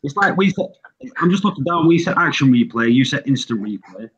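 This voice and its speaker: A man's voice: medium pitch, expressive, a little fast, a bit bright, breathy edge, dull audio. A British man hosting a casual group chat, reading out lists of word pairs. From Britain. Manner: reads out lists of word pairs, laughs often.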